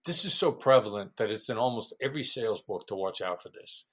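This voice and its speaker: Animated man explaining negotiation. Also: fairly low pitch, fast, slightly rough. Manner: animated, acts out quoted voices. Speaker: guest negotiation expert. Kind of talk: conversational interview explanation.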